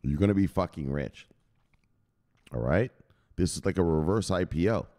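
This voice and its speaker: Man, crypto host, profane rant, lively swinging delivery, low voice. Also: moderate pace. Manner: coarse, swearing, keeps asking "right?".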